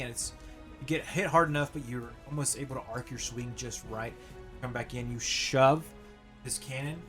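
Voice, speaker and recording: A man running a tabletop game, mid-pitched and animated, stumbling through his narration with bursts of laughter. Soft music plays behind him. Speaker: game master.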